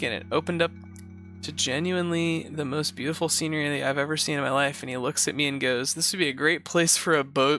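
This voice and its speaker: A man's voice: fairly high pitch, gravelly, pushed and bright. A young man hosting a show, reading a post aloud in first person and breaking off for blunt, sarcastic asides. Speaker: host reviewing reddit posts.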